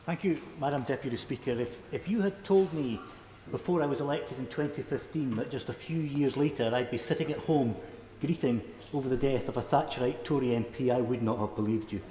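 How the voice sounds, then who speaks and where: A man's voice: medium pitch, fairly quick, warm tone. A man, a member of parliament, giving an earnest, personal tribute speech in a parliamentary chamber. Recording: echoey hall with faint background hum.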